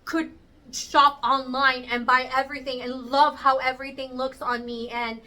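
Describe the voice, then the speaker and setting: A woman in her thirties tells a story to camera in a casual, chatty way. Her voice is high and bright, and she jumps into the voices of the people she quotes. The mic sits a little away from her, with faint noise behind. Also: moderate pace, far from the mic, low-quality recording. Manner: animated, acts out quoted voices. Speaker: vlogger.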